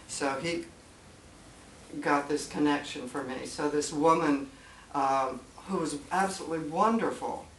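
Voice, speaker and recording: An older woman speaking as guest at a writers' meeting, chatty and animated, acting out quoted voices as she tells stories. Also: low voice, a little slow. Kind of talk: casual storytelling talk. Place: meeting room. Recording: far-off mic in an echoey room with faint noise.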